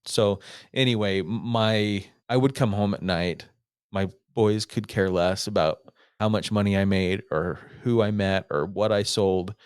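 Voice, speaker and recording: A middle-aged man, a podcast guest, telling stories in a lively way and acting out what people said. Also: fairly low pitch, unhurried, clean tone, dry recording, studio quality. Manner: animated storyteller, acts out quotes. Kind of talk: casual storytelling interview.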